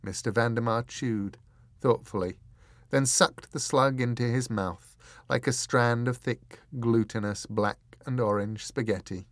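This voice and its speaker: A man reading an audiobook in measured, deliberate scripted narration, close to the mic. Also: mid-range voice, dry recording.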